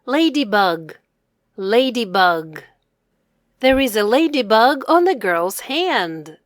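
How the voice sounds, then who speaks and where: A woman with a slightly high voice gives a child an English reading lesson, saying words slowly and clearly and repeating them for the learner. The recording is dry and of studio quality.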